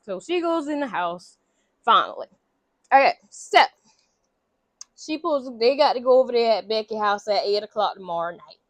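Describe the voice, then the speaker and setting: Woman vlogger, high voice, casual slangy recap with acted-out quotes, dry close sound. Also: normal speed, pauses often, dry recording. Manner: animated, slangy, acts out characters' lines.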